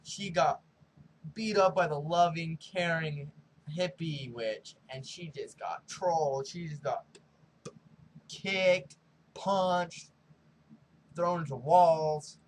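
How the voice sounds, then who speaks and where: Excitable man recapping a TV episode. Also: a little high, slow pace, long pauses, slight background noise, poor audio. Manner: animated storytelling full of "like" and spoiler warnings. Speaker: show host. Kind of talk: casual episode recap review.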